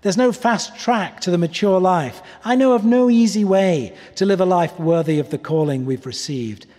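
A man preaching a sermon, earnest and pleading, often letting his voice drop softly on key words. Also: sits high, normal speed. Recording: long reverb of a large hall.

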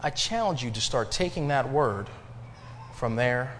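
A male pastor delivers a sermon in a church, his pitch swinging widely as he builds emphasis. He pauses for the congregation to answer him. The hall's long reverb trails each phrase over a faint hiss. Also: animated, a bit bright. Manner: preaching with rising emphasis and call-and-response pauses. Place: church sanctuary.

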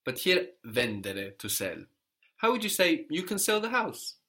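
A man's voice: high voice, huge pitch swings, normal speed, pushed and bright. A man teaching a language lesson, patiently prompting a student and explaining grammar step by step.

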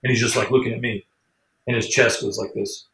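A man telling casual stories as an interview guest, rambling and animated, acting out what people said. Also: mid-range voice, brisk, roomy sound, a little hiss or hum, rough recording. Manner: rambling, animated storyteller who acts out the quotes. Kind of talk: casual storytelling.

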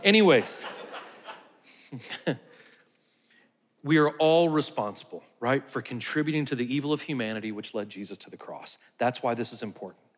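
A man's voice: medium pitch, normal speed, long pauses, big-room sound. A man preaching a conversational sermon, sometimes dropping to a near whisper for emphasis. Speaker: pastor.

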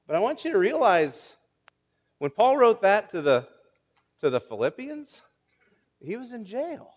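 A male pastor with a notably high voice delivers a sermon in a church, joking with the congregation and stumbling into repeated words as he goes. His voice rings with the long reverb of a large sanctuary. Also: sing-song, a little slow, long pauses. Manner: playful, teases the congregation.

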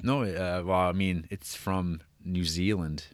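A man's voice: low-pitched, steady tone, takes it slowly, no echo. A man co-hosting a podcast, reading out film releases with dry, wry humor. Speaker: podcast co-host. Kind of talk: casual chat.

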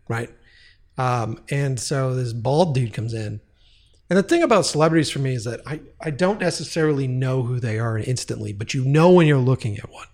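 A man's voice: medium pitch, animated, moderate pace. A man telling a long casual story, profane and rambling, with frequent restarts.

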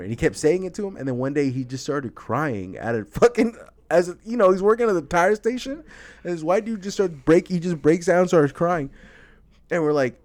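A man's voice: on the high side, expressive, fairly quick, a little mellow, no room sound. Young guy podcast host, rambling stories, laughs a lot, cusses, dry close sound. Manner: rambling storyteller, laughs often, swears freely. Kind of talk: casual chat.

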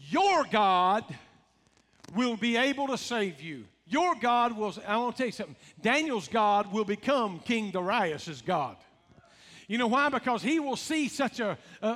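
High, bright-voiced preacher in a big hall. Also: male voice. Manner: rhythmic preaching, calls out to the congregation. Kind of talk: sermon. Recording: long reverb of a large hall.

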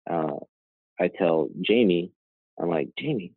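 Deep-voiced man telling a story, tinny. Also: normal speed, dry recording. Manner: rambling, frequent "right?" and "you know" asides. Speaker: nonprofit co-founder and CEO, guest. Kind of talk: conversational storytelling interview. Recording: dry, tinny phone-like line.

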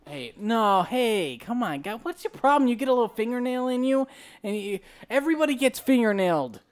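A man riffing deadpan and mock-serious in improvised comedy banter. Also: very high-pitched, fairly quick.

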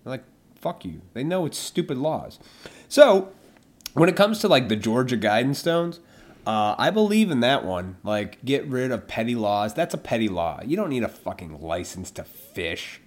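Here a man hosts his podcast solo, his mid-range voice sing-song and moderately paced. His rant is heavy with swearing, and he mockingly impersonates the imagined people on the other side of the argument.

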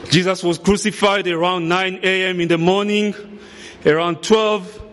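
A man preaching a solemn sermon in a church hall, speaking in a deliberate way. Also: high-pitched, steady tone, fairly bright tone. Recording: long reverb of a large hall.

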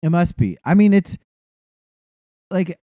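A man in casual chat who swears a lot and tells rambling, animated stories. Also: high-pitched, slow, dry recording.

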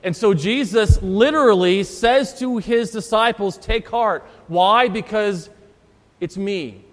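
A man's voice: high voice, slow pace. A man preaching a sermon as pastor, walking through scripture verse by verse and repeating key phrases. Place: church. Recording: long church reverb.

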